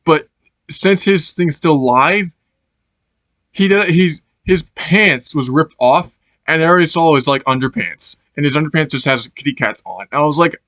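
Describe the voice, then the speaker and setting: A man's voice: fairly high pitch, lively intonation, moderate pace, fairly bright tone, no echo. Rambling man reviewing a movie. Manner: rambling, searching for words, laughing often. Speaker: channel host reviewing a movie.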